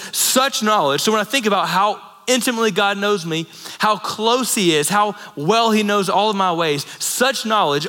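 A pastor in his thirties preaches a sermon in a conversational, storytelling style, making asides to the congregation. His voice is high and bright, with a forceful tone. A long reverb fills the large hall.

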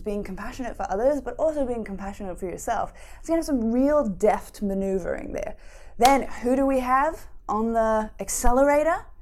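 High-voiced woman teaching with playful stories. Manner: lively, playful storytelling. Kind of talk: emotional-wellness talk.

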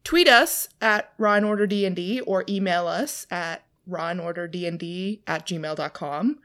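A woman co-hosting a podcast in casual chat, playful and quick to laugh. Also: lowish voice, a bit bright. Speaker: podcast co-host.

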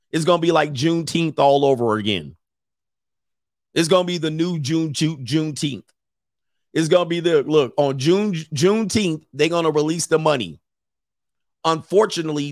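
Casting: male host, casual stream commentary, joking and animated, dry close mic. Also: a little high, creaky, no room sound. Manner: joking, animated riffing with laughs. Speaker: show host reading chat.

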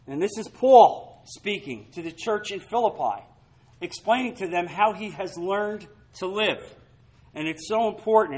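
A man preaching a sermon as pastor, emphatic, swinging between loud stresses and quiet asides. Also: high voice, breathy edge, rough recording.

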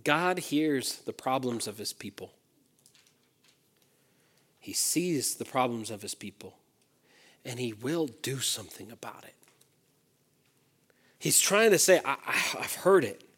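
A man preaching a sermon to young adults, reading scripture aloud and swinging between emphatic peaks and hushed asides. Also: mid-range voice, lively intonation, slow, long pauses, husky. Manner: reads scripture aloud and acts out the quoted lines.

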